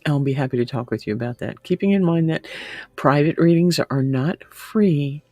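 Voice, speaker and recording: A woman with a deep, mellow voice hosts a livestream at a moderate pace, chatting casually with viewers and reading their comments. She laughs often and sometimes drops to a whisper. The recording is dry, made in a room at home with the window open.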